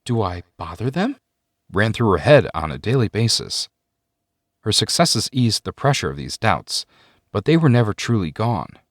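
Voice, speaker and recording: A man giving a measured, scripted narration of a sci-fi story. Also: on the low side, dry recording, clean studio sound. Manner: measured storytelling with expressive ups and downs.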